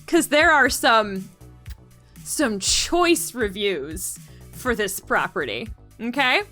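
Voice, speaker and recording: A woman streaming live, chatting with her viewers in an animated way and often laughing. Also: on the high side, slow pace. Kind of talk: casual live-stream commentary. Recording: faint music behind.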